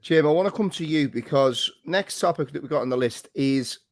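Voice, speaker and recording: A man hosting a football podcast, steering the talk with lively questions and hesitant fillers. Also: on the high side, fairly quick, no echo, clean studio sound. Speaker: podcast host. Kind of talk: casual football chat.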